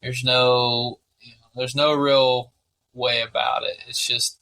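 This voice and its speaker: This sports podcast co-host speaks slowly in a medium-pitched voice, though his casual chatter is rambling, profane and full of excitement.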